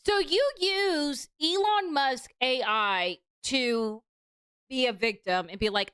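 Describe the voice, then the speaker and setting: A young woman hosting a live reaction stream, chatty and mocking, her speech loose and full of fillers. Her voice is a bit high and smooth, and it sits dry and close to the mic. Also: takes it slowly, fairly bright tone, no echo. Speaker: commentary streamer. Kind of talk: casual reaction commentary.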